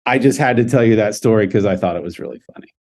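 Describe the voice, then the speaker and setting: A man's voice: on the low side, very fast. Laughing male podcast host telling stories. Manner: animated, laughs often, acts out dialogue. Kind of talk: casual storytelling chat.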